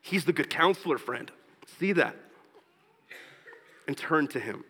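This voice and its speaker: A man preaching a sermon as pastor, earnest, slowing down for scripture and rising in pitch and force when he exhorts. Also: expressive, fairly bright tone, slightly rough, big-room sound, low-quality recording. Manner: slows down for scripture and tender points.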